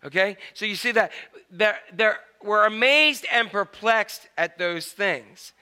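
A man preaching a sermon to his congregation, animated and storytelling. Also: sits high, slow, smooth. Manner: storytelling, animated, with acted-out quotes. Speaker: pastor.

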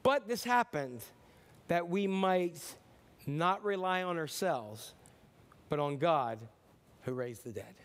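A man's voice: on the high side, lively intonation, takes it slowly, long pauses. A middle-aged man preaching a sermon in a conversational way, often restarting sentences and acting out short voices in his stories. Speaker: pastor.

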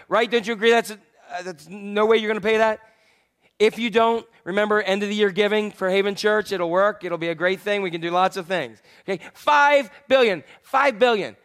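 Male pastor with a high voice. Conversational sermon, loud emphasis dropping to hushed asides. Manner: conversational preaching with rhetorical questions to the congregation; swings between loud emphasis and quiet, hushed lines.

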